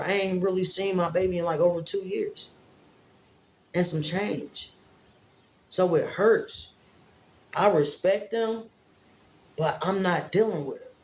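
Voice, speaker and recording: Speaking directly to her audience, this Fort Wayne, Indiana woman rambles emotionally in a casual vlog that feels like a livestream. Her voice sits on the low side with a darkish tone, and the recording sounds roomy and lo-fi, with a bit of noise behind her.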